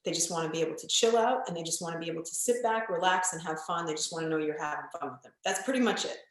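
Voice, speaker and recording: A woman's voice: lowish voice, racing. Blunt coach woman in an echoey room. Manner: blunt, emphatic, occasional swearing. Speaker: relationship coach guest. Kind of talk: candid podcast conversation.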